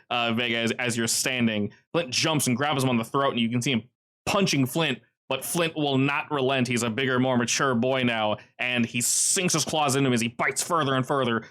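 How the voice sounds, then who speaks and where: A man narrating as game master of an online tabletop game, with animated jumps in pitch.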